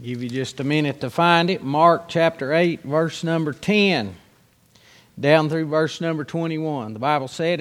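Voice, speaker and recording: A man preaching as pastor, reading scripture and then teaching in an earnest, drawn-out way. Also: on the high side, long reverb tail.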